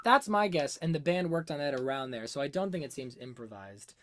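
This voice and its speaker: A man's voice: a little high, expressive, fairly quick. A man hosting a music analysis livestream, thinking aloud, reading out chat and answering it, now and then humming a melody. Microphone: webcam setup.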